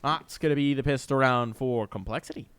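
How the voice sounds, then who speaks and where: A man casting esports play-by-play, excitable and jokey with quick reactions. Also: medium pitch, slight background noise. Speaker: esports caster. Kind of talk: play-by-play commentary. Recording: game gunfire audible behind.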